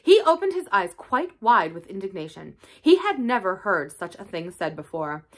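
A woman reading a classic novel aloud for a library, telling it in an expressive storytelling way. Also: medium pitch, moderate pace. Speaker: library reader.

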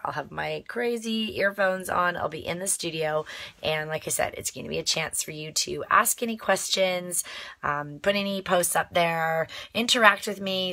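A woman with a naturally raspy voice, made hoarse by a cold, chatting upbeat on a casual live video from a small cozy nook in a bedroom. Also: fairly low pitch, sharp tone. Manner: chatty and upbeat, with many fillers. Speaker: fitness coach and radio show host.

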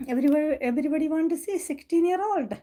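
Woman host, high mellow voice, affectionate live-stream chat. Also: quick pace. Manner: doting, affectionate, laughing often. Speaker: cooking channel host. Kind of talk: casual live stream chat to her cat.

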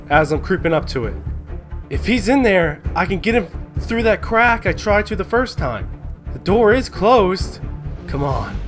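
Excitable high-voiced man commentating gameplay. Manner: excitable, swears, yells in surprise. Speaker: gaming commentator.

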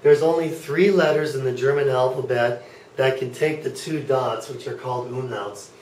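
A man's voice: mid-range voice, steady tone, moderate pace, a little mellow, a little hiss or hum. A man teaching a German class, patiently explaining and checking in with students as he goes. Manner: patient, checks in with frequent okays. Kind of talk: classroom lecture. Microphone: far camera. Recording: echoey classroom from far off.

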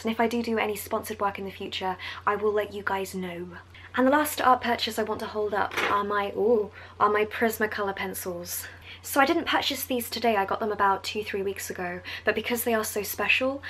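A woman's voice: mid-range voice, fairly bright tone, slight background noise, low-quality recording. Young English woman, strong Essex accent, bubbly vlogger who chats and wanders off on tangents. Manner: chatty and enthusiastic, going on tangents. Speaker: art vlogger. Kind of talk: casual vlog talk. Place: at home.

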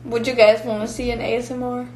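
A woman's voice: a little high, little pitch movement, fast talker, a little mellow, a little hiss or hum, low-quality recording. Chatty young woman streaming live. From Finland. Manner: chatty, answers fan comments while eating. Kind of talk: casual live stream chat with fans. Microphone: phone or built-in mic.

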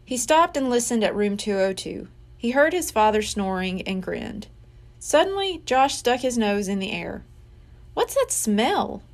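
A woman reading a children's mystery book aloud, slowly and expressively. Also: medium pitch, big pitch swings. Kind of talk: read-aloud storybook narration.

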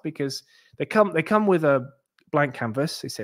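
A man hosts his own crypto channel and talks casually to his viewers. His delivery rambles, with many restarts and asides. He swings between low, mumbled stretches and sudden animated bursts. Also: a little fast.

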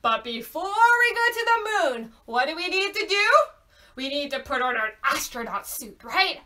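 A young woman hosting a library storytime from home, talking to parents and babies in a bouncy, animated sing-song. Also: sits high, moderate pace. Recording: voice a bit far from mic.

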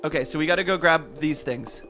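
A man co-hosting a gaming video, chatting casually through gameplay and breaking into excited shouts and cheers. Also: fairly high pitch, brisk. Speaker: gaming channel co-host. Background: game music.

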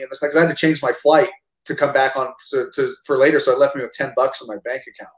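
An American man with a mid-range voice talks fast in a roomy, echoing space. He's an actor and army veteran appearing as a guest in a casual storytelling interview, animated and rambling, with lots of restarts and casual swearing.

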